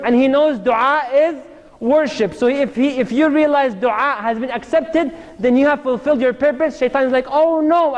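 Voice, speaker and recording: A man giving a casual, joking sermon straight to a live crowd in a hall. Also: high-pitched. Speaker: Islamic lecturer. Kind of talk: lively sermon to a live audience. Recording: long hall reverb.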